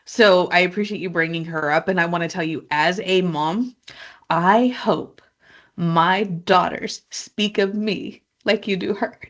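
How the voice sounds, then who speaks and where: A woman's voice: lowish voice, measured pace, fairly bright tone. A woman interviewing a guest, supportive and encouraging, giving short affirmations. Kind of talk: conversational interview.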